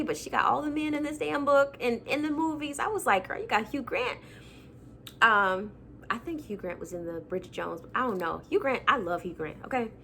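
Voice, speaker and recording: A woman's voice: on the high side, slight background noise. A young woman vlogging casually about her childhood books, chatty and self-mocking with lots of fillers. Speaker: book vlogger. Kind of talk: casual chat.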